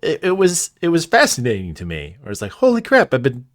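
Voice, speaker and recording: A man's voice: mid-range voice, sing-song, fast, fairly bright tone. A man in his forties hosting a podcast interview, casual and reflective, laughing easily. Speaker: podcast host.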